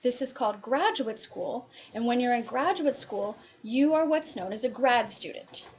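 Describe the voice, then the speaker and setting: Upbeat Appalachian woman advisor, chatty and encouraging, voice sits a bit high. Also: lively intonation, moderate pace. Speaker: college advisor. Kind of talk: presentation.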